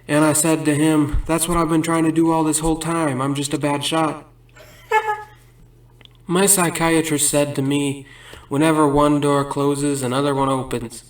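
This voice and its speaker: A comedian with a fairly high voice rattles off corny stand-up jokes as rambling, absurd little stories at a moderate pace, laughing at his own punchlines. He sounds far from the mic in a roomy, echoey space.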